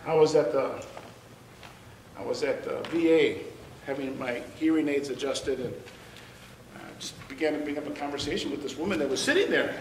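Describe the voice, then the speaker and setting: A man's voice: a little high, moderate pace, pauses often, slight background noise. An older man teaching a church Bible class, telling personal stories with repeated words and laughter. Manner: animated storyteller who repeats words and laughs. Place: large church room. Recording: roomy sound from far off.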